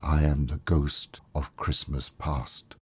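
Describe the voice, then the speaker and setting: A man voicing a gentle, ageless, childlike ghost, speaking softly in a slow, hushed and measured way. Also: very deep voice, flat delivery, husky, no room sound, exaggerated voice. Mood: gentle, solemn. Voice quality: soft, gentle voice.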